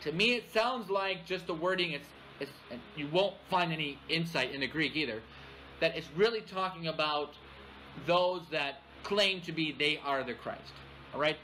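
A man's voice: on the high side, moderate pace, pushed and bright, slight background noise, rough recording. A man preaching a sermon in church, explaining scripture and often checking in with "all right?". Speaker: pastor.

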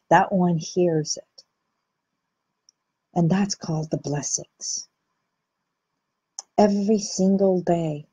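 A woman's voice: on the low side, mellow, husky, low-quality recording. A middle-aged woman, a clinical hypnotherapist, hosting a heartfelt live talk and greeting viewers by name. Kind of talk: inspirational live-stream talk.

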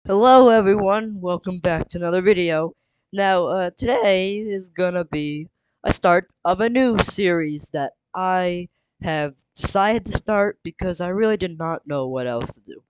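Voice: medium pitch, measured pace, clean tone, no room sound, poor audio. A gaming video host talking casually and rambling with lots of fillers while introducing a roleplay game. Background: background music.

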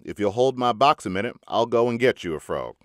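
A man's voice: medium pitch, lively intonation, fairly quick, no room sound, studio quality, lightly acted. A man reading a frontier gambler who talks in a casual, folksy drawl. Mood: easy-going. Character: boastful frontier gambler, man, easygoing and proud.

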